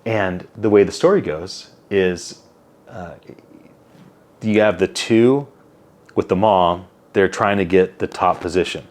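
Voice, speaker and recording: A man in his forties with a notably low voice speaks as an interview guest. He tells stories animatedly, acting out quoted lines and dropping casual tags as he goes. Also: slow, pauses often. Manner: animated storyteller, acts out quotes, many "like" and "right?" tags. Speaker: interview guest, company CEO.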